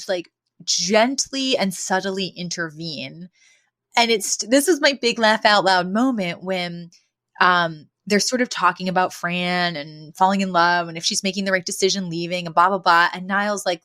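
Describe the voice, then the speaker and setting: A woman co-hosting a podcast, recapping an episode in casual chat, telling it with lively asides and frequent laughter. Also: on the low side. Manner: animated storytelling, laughs often, acts out quotes. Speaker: podcast co-host.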